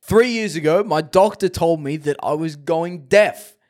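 A man's voice: fairly high pitch, a little slow. A young man co-hosting a podcast in casual chat, laughing a lot and running a quiz countdown. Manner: laughing, animated, reads bad jokes and runs a quiz countdown. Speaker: podcast co-host.

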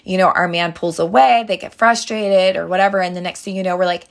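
A woman's voice: fairly low pitch, steady tone, a little fast, vocal fry, few pauses. A young woman talks straight to her listeners like a big sister giving dating advice. She is chatty and earnest, with plenty of fillers and restarts as she tells her stories. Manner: earnest, addresses listeners directly as girls. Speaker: dating advice podcast host. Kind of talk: casual advice monologue.

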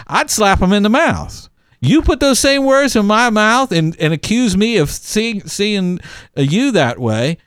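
Podcast co-host, man, emphatic and animated; smooth, resonant voice, dry close mic. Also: high-pitched, moderate pace, no room sound. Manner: emphatic, lively, many restarts and fillers. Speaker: podcast co-host giving advice. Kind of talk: casual advice podcast chat.

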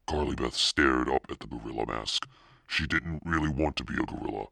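Very deep, gravelly male storyteller. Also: moderate pace, bright, forceful tone, no echo, studio quality. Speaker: audiobook narrator. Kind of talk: storybook narration.

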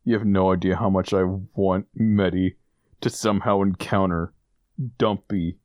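A man in casual chat, teasing his friend in a drawn-out way. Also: deep voice, steady tone, darkish tone, dry recording.

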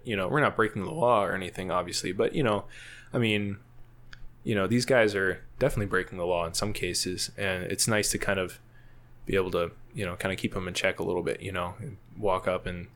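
Low-voiced man telling a rambling story. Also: fairly bright tone. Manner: rambling, laughs often, many fillers. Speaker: guest, field scientist. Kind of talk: casual storytelling in a podcast interview.

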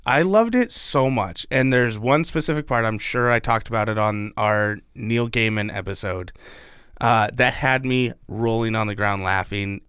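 A man's voice: lowish voice, moderate pace, fairly bright tone, smooth, dry recording, clean studio sound. A man co-hosting a podcast in casual chat, laughing and swearing freely. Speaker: podcast co-host.

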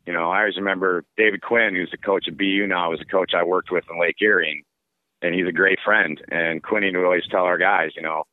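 A sports broadcaster answering interview questions in a relaxed, rambling way with lots of fillers. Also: male voice, low voice, brisk, dry recording. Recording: tinny phone-like line.

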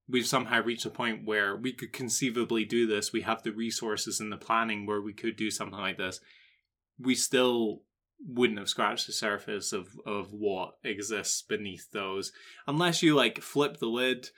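A man with a bright, forceful voice chats loosely with a co-host. He rambles through explanations, restarting his sentences. He has a playful manner. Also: lowish voice, normal speed. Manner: rambling, explains facts at length, slips into silly character voices. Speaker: podcast co-host. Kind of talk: casual chat.

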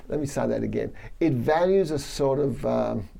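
A man's voice: mid-range voice, normal speed, gravelly, dark tone. A middle-aged man from Australia with an Australian accent, a plant biology professor chatting in an interview, laughing often and restarting his sentences. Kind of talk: relaxed interview conversation.

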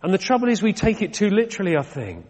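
Long church reverb surrounds a middle-aged vicar with a British accent and a high, darkish voice that swings widely in pitch as he talks fast. His sermon is conversational, peppered with rhetorical questions and self-deprecating asides.

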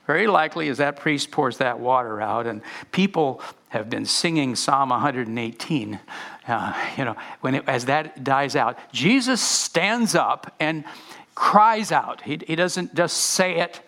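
Male pastor, gravelly and bright, animated sermon delivery with restarts. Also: medium pitch, moderate pace. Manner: animated, many restarts and repeated words.

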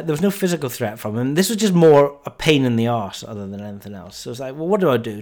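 A man's voice: mid-range voice, darkish tone. A man in his forties hosting a podcast, telling a story about a night out in a casual, self-mocking way. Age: 40s. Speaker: podcast host.

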